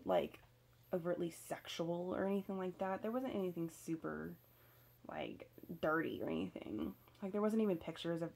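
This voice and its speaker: A woman's voice: lowish voice, gravelly, mellow. A young woman candidly telling a personal story, swearing freely and using lots of fillers. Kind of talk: casual storytelling.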